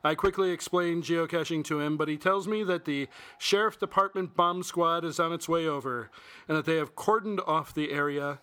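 A man's voice: fairly high pitch, steady tone, moderate pace, sharp tone, smooth. A man co-hosting a casual podcast, reading a story aloud with playful, laughing asides. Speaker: podcast co-host.

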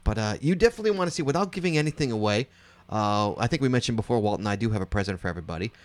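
A man's voice: on the low side, racing. A man co-hosting a podcast in casual chat, joking and laughing often. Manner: jokey, laughs often, animated. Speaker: podcast co-host.

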